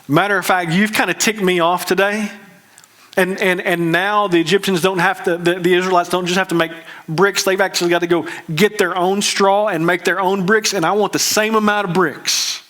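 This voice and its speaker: A man, preaching a conversational, emphatic sermon as a pastor with quick restarts. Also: high voice, steady tone, fairly bright tone.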